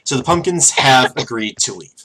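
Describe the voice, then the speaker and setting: A man's voice: medium pitch, lively intonation, normal speed, background noise. A man narrating a tabletop game as game master, casual and full of fillers.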